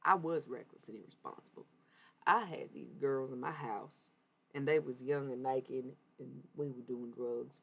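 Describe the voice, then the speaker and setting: A woman's voice: very deep voice, measured pace, vocal fry, a bit bright, husky, full character voice, rough recording. A woman voicing the spirit of a dead man who confesses his wrongs in a put-on Texan drawl. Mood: confessing.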